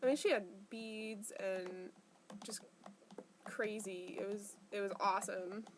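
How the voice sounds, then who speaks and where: A woman's voice: medium pitch, steady tone, slow, noisy background. Chatty young woman rambling about her day. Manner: chatty, rambling, heavy filler use. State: in pain, tired. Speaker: vlogger. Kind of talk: casual personal vlog.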